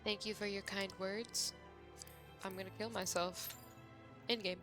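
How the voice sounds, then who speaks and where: A woman's voice: medium pitch, little pitch movement, unhurried, music in the background. A young woman streaming a game, chatting casually in a rambling way full of fillers. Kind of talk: casual gameplay chat.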